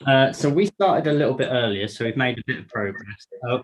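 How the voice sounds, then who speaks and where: A man's voice: mid-range voice, animated, brisk, a little hiss or hum. A man joining by video call, describing his build progress in a friendly way.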